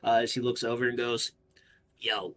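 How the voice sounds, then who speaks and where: A man narrating as game master in a tabletop game, pausing often with "uh". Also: mid-range voice, fairly bright tone, a little hiss or hum. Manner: narrates with frequent "uh" pauses.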